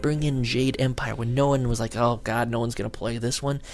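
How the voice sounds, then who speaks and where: A man talking casually to his camera, rambling and excited as he acts out what his friends said. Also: mid-range voice, fairly quick, faint music behind. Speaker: video blogger.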